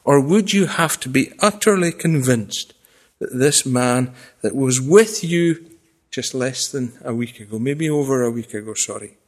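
A man preaching a sermon to his congregation. He swings from raised, declaiming passages to quiet, confiding asides, with self-deprecating humour. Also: medium pitch, animated, a little slow. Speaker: pastor.

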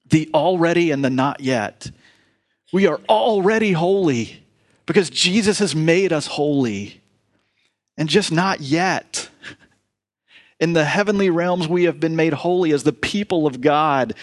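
A middle-aged man preaching a sermon in a folksy manner, with playful asides to the congregation. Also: fairly high pitch. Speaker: pastor.

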